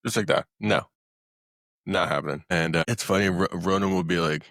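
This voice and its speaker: Low-voiced man swearing in casual chat. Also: fairly quick, a bit bright, no echo, studio quality. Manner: blunt, swears freely, rambling. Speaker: podcast host.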